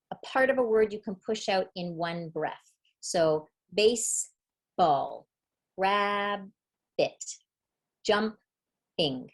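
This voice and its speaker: A woman literacy educator giving a webinar presentation, explaining reading skills and sounding out words slowly. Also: mid-range voice. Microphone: webinar computer mic.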